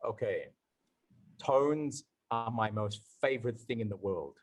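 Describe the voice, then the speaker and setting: During a live question-and-answer session at an online event, a man teaching Mandarin tones enthusiastically sounds out syllables to demonstrate how they work. His voice is on the low side with lively intonation and an unhurried pace, in a low-quality recording.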